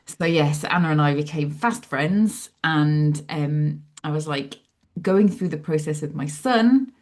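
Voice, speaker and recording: A woman's voice: low-pitched, unhurried. A woman, a psychologist telling her story in an interview and acting out her own past thoughts. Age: 40s. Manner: animated, acts out her own past thoughts in lively asides. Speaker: guest, psychologist and author.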